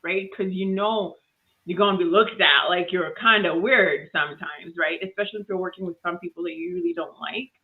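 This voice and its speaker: A woman telling a lively story about kindness as a guest on a video call, laughing often and acting out voices. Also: fairly low pitch, a little fast. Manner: animated, laughs often, acts out voices in stories. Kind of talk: casual storytelling. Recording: tinny phone-like line.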